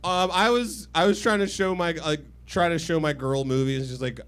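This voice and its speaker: A man's voice: a little high, moderate pace, few pauses, fairly bright tone, smooth. A man doing a rambling, crude, self-deprecating stand-up set on a comedy stage with a handheld mic. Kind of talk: stand-up set, then casual chat. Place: comedy stage with live audience.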